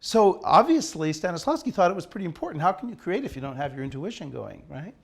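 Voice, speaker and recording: A man's voice: fairly high pitch, sing-song, fast talker, creaky, husky. A man teaching an acting class in a studio, asking his students questions and leading them through an exercise. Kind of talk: classroom lecture.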